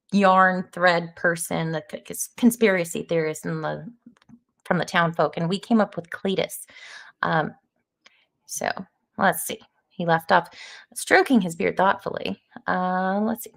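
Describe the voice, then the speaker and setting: A woman's voice: fairly low pitch, gravelly. A woman hosting a casual live stream of an AI text adventure, chatting loosely with lots of fillers and greeting viewers.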